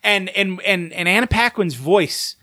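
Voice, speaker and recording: A man's voice: measured pace, dry recording. A man in his thirties with a Southern American accent, co-hosting a casual podcast chat, swearing and ranting with big swings in his voice. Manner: animated, swearing, rants with big pitch swings. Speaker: podcast co-host.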